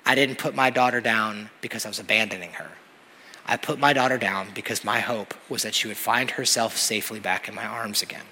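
A man preaching a sermon as pastor, telling stories in an animated way that builds to loud, emphatic peaks. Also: fairly low pitch, fairly quick, breathy edge. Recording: long hall reverb.

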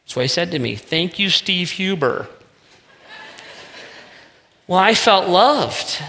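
Pastor, male, casual emphatic sermon delivery; bright voice, long hall reverb. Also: high-pitched, big pitch swings, slow. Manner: conversational preaching with emphatic asides.

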